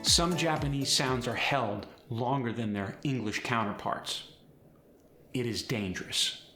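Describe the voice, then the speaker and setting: A man coaching accents, explaining step by step in a clear, instructional way. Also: mid-range voice, a little slow, bright, forceful tone, reverberant, soft background music. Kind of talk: instructional lesson.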